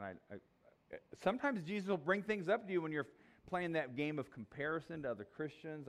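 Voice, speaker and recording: A man's voice: fairly high pitch, brisk. A male pastor preaching a sermon in a conversational, jokey, emphatic way.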